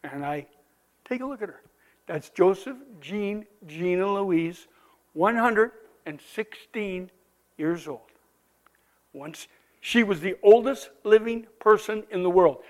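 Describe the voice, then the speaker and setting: A man telling a missionary testimony to a congregation, animated and exclaiming often as he cues slides aloud. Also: high voice, takes it slowly, pauses often. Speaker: visiting missionary speaker.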